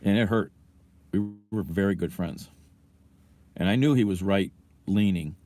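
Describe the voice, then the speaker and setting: A man's voice: low-pitched, measured pace. A man hosting a casual livestream from his car, ranting angrily and swearing, then fumbling with his phone. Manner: angry, profane, ranting. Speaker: livestream host.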